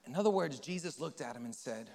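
A man preaching a sermon as pastor, his voice swinging from loud and emphatic to quiet and hushed. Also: medium pitch, fast, creaky. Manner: animated preaching, voice rising loud then dropping quiet. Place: church sanctuary. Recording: large hall with long reverb, soft music behind.

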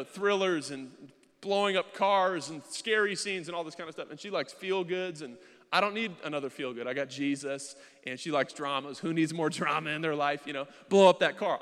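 Joking young pastor in a reverberant hall. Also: male voice, high voice, a bit bright. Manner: conversational and joking, acts out his own inner voices. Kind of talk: sermon. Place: church sanctuary. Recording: long reverb of a large hall.

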